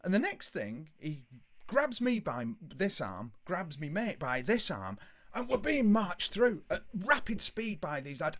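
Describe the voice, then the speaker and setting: A man's voice: high voice, big pitch swings, unhurried, a bit bright. A man telling a rambling, sweary anecdote on a casual podcast. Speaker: podcast co-host. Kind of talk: casual storytelling chat.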